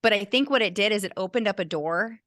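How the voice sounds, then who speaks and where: A woman's voice: mid-range voice, quick pace, fairly bright tone, dry recording, studio quality. A middle-aged woman, a teacher and burnout coach, telling a personal story earnestly and with feeling as an interview guest, often restarting her sentences. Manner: earnest, emotional, with many restarts.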